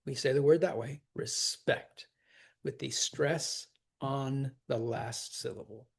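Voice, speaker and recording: Husky guy teaching shakespeare scansion, slow and chatty, laughs a lot, counts out the stresses. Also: fairly high pitch, mellow. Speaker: acting teacher. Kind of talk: scansion lesson.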